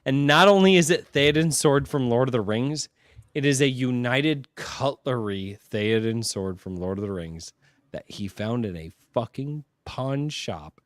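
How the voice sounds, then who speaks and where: A man hosting a podcast, telling a story in casual chat, excitable and swearing a lot, tired after a long day awake. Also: medium pitch, normal speed, dry recording. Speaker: podcast host.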